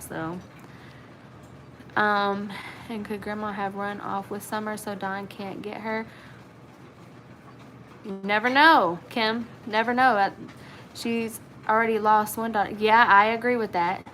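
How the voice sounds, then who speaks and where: A woman from Virginia's Blue Ridge region, with a Southern accent, hosts a casual livestream, reading viewer comments aloud and chatting through them with lots of fillers. Her medium-pitched voice is steady and fairly bright at a measured pace, on poor audio with slight background noise.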